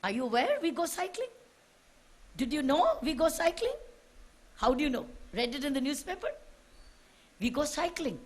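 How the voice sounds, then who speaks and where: High-voiced woman exhorting a crowd. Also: big pitch swings, moderate pace, pauses often. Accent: Indian English. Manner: exhorting, fires repeated rhetorical questions at listeners. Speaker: official addressing students. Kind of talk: public speech to a crowd.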